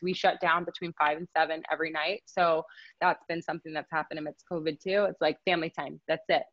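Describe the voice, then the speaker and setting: A woman's voice: deep voice, no room sound, highs cut off. A woman guest on a podcast, speaking in an earnest, heartfelt way with many fillers. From United States. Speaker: podcast guest, fitness trainer. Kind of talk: casual interview chat.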